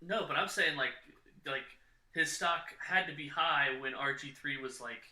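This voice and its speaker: A man with a fairly high, very bright voice hosts a sports podcast and steers the talk, filling his sentences with "like." The room gives his voice a noticeable echo. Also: normal speed. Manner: chatty, leads topics, filler-heavy. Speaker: podcast host. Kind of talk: casual sports chat.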